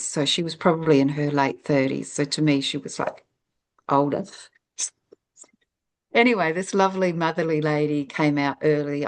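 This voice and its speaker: A middle-aged woman with a low voice, talking as an interview guest. She tells her story casually, wanders between thoughts, and stops herself partway through sentences, with plenty of "um"s along the way. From New Zealand. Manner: rambling, reflective, self-interrupting with fillers.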